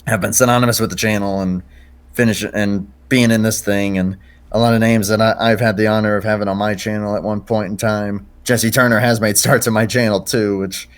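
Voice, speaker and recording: Sincere low-voiced guest commentator man. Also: steady tone. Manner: sincere, affectionate, slightly halting. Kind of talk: casual commentary chat.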